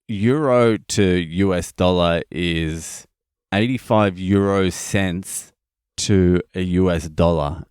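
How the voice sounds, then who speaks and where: A man's voice: deep voice, clear, resonant tone, no room sound, clean studio sound. A man with an Australian accent, hosting a podcast and telling a story in a blunt, profane, casual way. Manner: profane, blunt, animated retelling. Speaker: podcast host.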